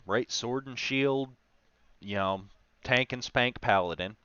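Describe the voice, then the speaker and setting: Man, game master streaming, chatty storyteller, lowish voice, dry muffled lo-fi audio. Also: slow, sharp tone, clear, resonant tone, dry recording. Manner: chatty, storytelling, wry asides. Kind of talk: casual livestream talk.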